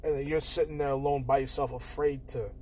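A young man hosting a casual solo podcast, talking candidly and with plenty of swearing, swinging between loud bursts and quiet mutters. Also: medium pitch, steady tone, fairly quick, slight background noise. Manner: candid, profane, shifts between loud outbursts and quiet mumbling. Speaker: podcast host.

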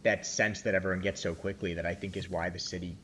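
A man's voice: sits low, fairly even intonation, fast talker, a bit bright, a little hiss or hum. A man co-hosting a podcast, talking in an enthusiastic, rambling way with restarts. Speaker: podcast co-host. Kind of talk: casual podcast chat.

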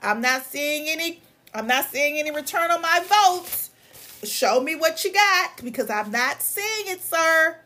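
High bright voice, young woman, heated profane rant, strained from coughing. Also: lively intonation, unhurried. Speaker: lawyer and vlogger. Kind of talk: angry ranting monologue.

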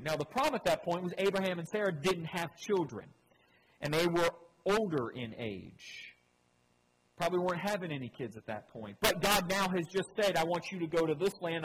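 A man preaching a sermon, reading scripture aloud with dramatic swells and earnest appeals. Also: fairly high pitch. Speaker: pastor. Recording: long hall reverb, faint room noise.

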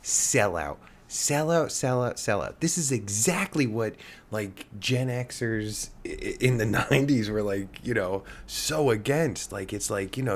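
A man's voice: medium pitch, animated, unhurried. A man around forty rants on a podcast, swearing and rambling with many fillers. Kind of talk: profane podcast rant.

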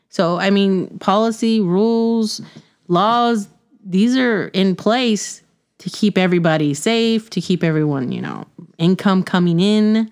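Brief: middle-aged woman, podcast host, blunt ranter, quick to laugh, mid-pitched. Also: a little mellow, smooth. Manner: ranting, blunt, laughs often. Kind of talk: casual chat.

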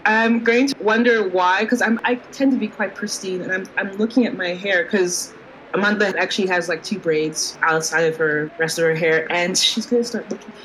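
A woman playing in a tabletop game, sounding bemused, with quick jumps in pitch. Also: fairly even intonation, a bit bright, slight background noise, rough recording. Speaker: player. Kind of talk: casual tabletop role-play.

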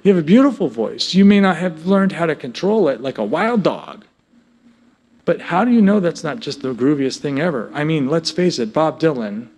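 A man gives a workshop talk to a live audience about his work as a music therapist. His voice sits a little high for a man, and he keeps the talk animated and full of jokes. He often turns to the room with questions. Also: moderate pace. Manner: animated and joking, breaks into sung snippets; asks the audience frequent questions.

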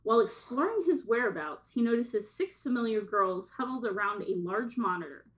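Woman co-hosting a podcast, laughs a lot, reads stuff out with big pauses, kinda high voice. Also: animated, low-quality recording. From American South. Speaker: podcast co-host. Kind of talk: casual chat and reading descriptions aloud.

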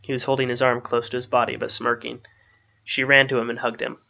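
A man narrating a fantasy story aloud in a steady storytelling manner. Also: mid-range voice, fairly quick, vocal fry, highs cut off.

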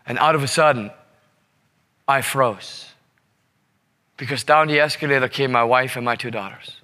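A man's voice: mid-range voice, moderate pace, pushed and bright. A man speaking as a leadership seminar presenter, telling a story to the room with emphatic repetition and frequent "right?" checks. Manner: emphatic, repeats words and asks "right?".

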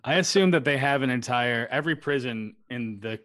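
A man co-hosting a podcast who talks in a brash, profane way. He delivers his riffs deadpan in casual banter. His voice sits in a middle pitch. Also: a little fast. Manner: brash, swears a lot, deadpan riffing. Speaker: podcast co-host. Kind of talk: casual chat.

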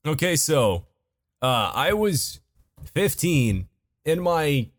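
Animated, self-mocking man in banter. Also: on the high side, slow, no room sound, studio quality. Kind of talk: casual banter.

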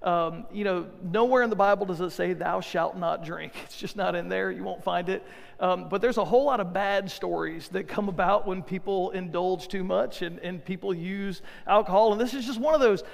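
A male pastor preaching in a loose, conversational way, tossing in jokes and stumbling over repeated words. His voice sits high and has a gravelly edge. It rings with the long reverb of a big hall. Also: brisk. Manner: conversational, joking asides, repeats words when restarting. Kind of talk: sermon.

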